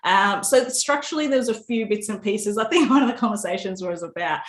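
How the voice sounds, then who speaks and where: A woman's voice: medium pitch, animated, fast. A woman author, telling a story in a casual interview, laughing often and restarting her sentences. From Australia. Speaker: author guest. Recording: roomy echo.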